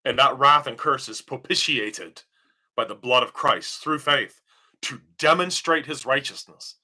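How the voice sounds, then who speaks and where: A man's voice: mid-range voice, unhurried. A man preaching a sermon, emphatic and questioning, pressing his points home with rising force. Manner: emphatic, rising to near-shouts on key points; asks questions then answers them. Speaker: pastor.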